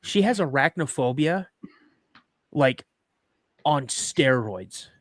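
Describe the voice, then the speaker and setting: A man's voice: medium pitch, animated, takes it slowly, dry recording, clean studio sound. A middle-aged man hosting a podcast, chatting casually with rambling jokes and reading a listener's story aloud. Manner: rambling, joking, restarts sentences. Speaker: podcast host.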